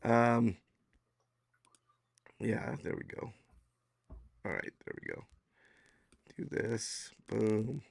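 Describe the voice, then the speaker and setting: A man hosting a casual podcast livestream, hoarse and losing his voice, rambling with lots of fillers. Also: fairly low pitch, huge pitch swings, extremely slow, long pauses, dry recording. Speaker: podcast host.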